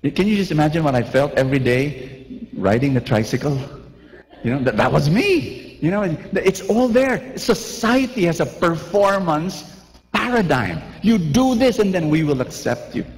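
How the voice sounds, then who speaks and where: A man preaching a lively sermon, acting out little scenes and asking the crowd questions. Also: fairly high pitch, normal speed, in a large hall, rough recording.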